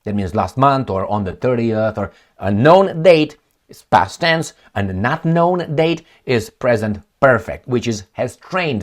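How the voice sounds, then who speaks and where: A man giving sarcastic commentary on news, mocking and lecturing in a digressive way. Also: lowish voice.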